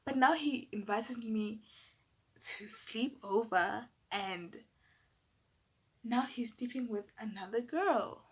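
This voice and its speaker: Young south african woman ranting through a story, kinda high voice, faint hiss behind. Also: slow, long pauses. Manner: animated, exasperated, lots of fillers and asides to viewers. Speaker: YouTuber telling a storytime. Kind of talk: casual storytelling to camera.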